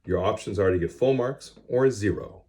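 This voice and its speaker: A middle-aged man teaching music students talks a little fast in a warm, lowish voice. He's their band teacher, plain-spoken and direct as he instructs them. A cell phone captured the class.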